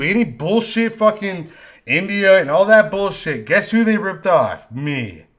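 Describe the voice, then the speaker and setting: A man's voice: on the high side, a bit bright. A man ranting on a live stream, frustrated and profane, often repeating himself. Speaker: live stream host, vector artist.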